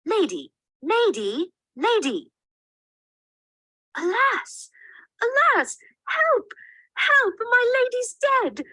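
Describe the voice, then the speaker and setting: A fussing old nurse, voiced by a man in a classroom play reading, high and lilting with a bright, slow delivery. She teases and fusses, then wails in alarm. The sound is dry and close. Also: no room sound, heavily acted, rough recording. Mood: wailing. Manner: teasing, then wailing in alarm. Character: fussing old female nurse, teasing then grief-stricken.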